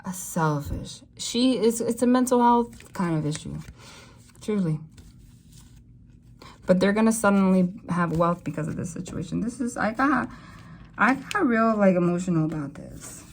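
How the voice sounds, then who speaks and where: Speaking at a moderate pace in a medium-pitched voice, a young woman tarot reader addresses the camera in a relaxed reading. Her delivery wanders and runs emotional, broken by sudden excited leaps in her voice.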